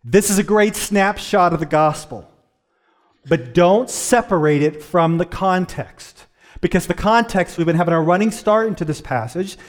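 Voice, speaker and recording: A middle-aged male pastor delivering a sermon in an earnest way. His voice sits a little high for a man, and he slows right down to stress his key points. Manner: earnest, varies pace, slows down for emphasis.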